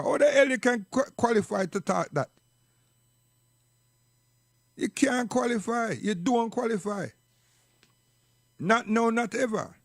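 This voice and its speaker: In a studio-quality recording free of room sound, a high-voiced man with a Jamaican accent gives a preachy, emphatic monologue. He presses his points with repeated questions, often asking "you understand?".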